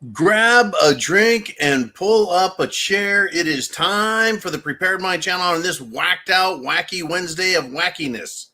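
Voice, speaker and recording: A man hosting a livestream commentary show, talking in a loud, ranting way and laughing often. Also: high voice, unhurried, hardly any pauses. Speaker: show host.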